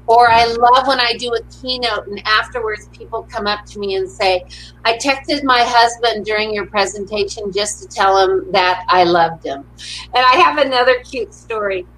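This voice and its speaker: In a rough recording with a little background noise, a middle-aged woman speaks at a medium pitch and normal speed, her tone a bit bright. A motivational speaker, she's chatting casually in an interview, telling positive stories and dramatizing the quotes.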